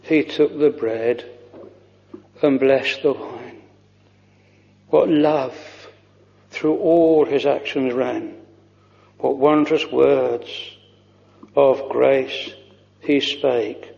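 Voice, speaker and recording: A man's voice: mid-range voice, fairly even intonation, very slow, vocal fry, long pauses, warm tone, in a large hall, muffled recording. A man preaching a fervent, old-fashioned sermon, weaving hymn lines into his words. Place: church.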